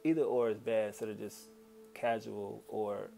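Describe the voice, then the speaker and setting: Soft background music sits under a man with a low-leaning, creaky voice speaking at a moderate pace. He's a vlogger in a casual, profane movie rant, exasperated and frequently performing his own past reactions.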